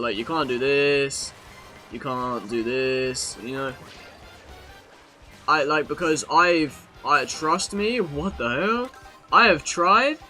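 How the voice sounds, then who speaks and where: A young British man streaming a kart-racing game, with a bright, forceful voice that carries easily. He chats loosely to his viewers between races and swears freely. Faint game music plays underneath him. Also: medium pitch. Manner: chatty, swears freely, talks to chat while playing. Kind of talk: casual live-stream commentary.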